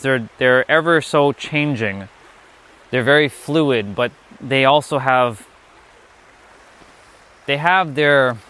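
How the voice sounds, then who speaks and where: A man's voice: mid-range voice, bright, forceful tone. A young man giving a casual live-stream talk as a spiritual teacher, rambling and restarting his sentences often.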